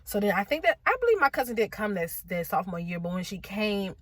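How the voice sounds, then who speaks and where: A woman's voice: medium pitch, big pitch swings, quick pace, fairly bright tone, no room sound. A young woman talking in a car, sharing a personal story while holding back tears, rambling with many fillers and restarts. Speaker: vlogger. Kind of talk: personal confessional vlog. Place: parked car.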